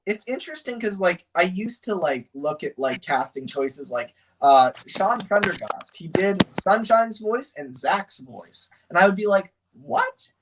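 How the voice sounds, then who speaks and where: A man streaming a casual chat, excited and animated, laughing often and slipping into voices. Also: sits high, a little slow, few pauses, slight background noise, rough recording.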